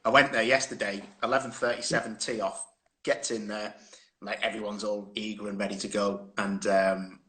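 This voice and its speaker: A man's voice: lowish voice, little pitch movement, moderate pace, pushed and bright. A man chatting as a guest on a live phone stream, rambling through anecdotes and laughing often. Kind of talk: casual chat on a live stream. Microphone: phone on a video stream.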